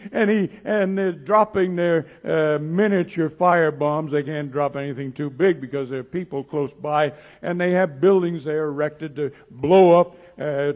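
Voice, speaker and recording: A male pastor preaching a sermon as a story, acting out the lines of its characters in his own voice. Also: on the high side. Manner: acts out dialogue in plain voice, animated. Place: church sanctuary. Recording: dull old church audio with long reverb.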